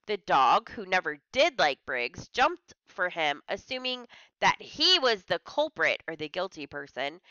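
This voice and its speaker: A woman's voice: medium pitch, sharp tone, clean tone, dry recording, dull audio. A woman teacher reading a story aloud to a class, stopping to explain hard words in simple terms.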